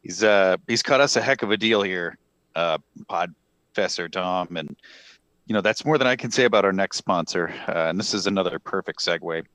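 A man co-hosting a comedy podcast, rambling through sponsor reads with a deadpan manner and lots of fillers. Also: low voice, moderate pace, no echo. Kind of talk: improvised comedy podcast banter.

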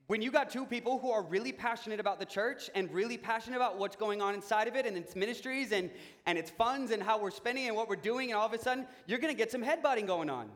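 High-voiced young pastor in a reverberant hall. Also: male voice, fairly bright tone. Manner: conversational, self-mocking storytelling. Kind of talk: sermon. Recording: long reverb of a large hall.

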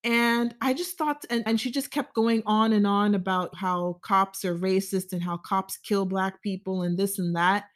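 A woman talks straight to her viewers in an easygoing storytelling monologue. Her pitch sits in an ordinary middle range for a woman. She speaks in a measured way, often pausing on fillers and restarting her sentences as she goes. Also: fairly even intonation. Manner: conversational, measured, frequent fillers and self-corrections. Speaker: vlogger. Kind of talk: casual storytelling monologue to camera.

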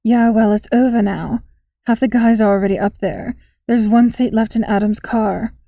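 A woman's voice: fairly high pitch, fairly even intonation, normal speed, mellow, no room sound, studio quality, close to an everyday voice. A woman doing a bossy popular teen girl.

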